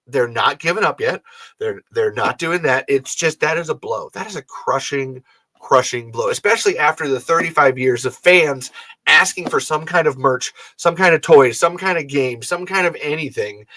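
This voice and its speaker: A man's voice: medium pitch, sharp tone, dry recording. A man hosting a fan podcast, talking casually and rambling, frustrated and swearing often. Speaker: podcast host.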